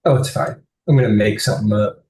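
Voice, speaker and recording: A man's voice: on the low side, fast talker, dark tone, a little hiss or hum. A man narrating a tabletop game as game master, rambling and correcting himself as he describes scenes.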